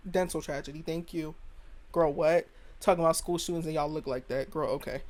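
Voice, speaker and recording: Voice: medium pitch, steady tone, fairly quick, darkish tone. A podcast host from the United States giving a casual opinion rant in a sassy, blunt way, repeating punchlines.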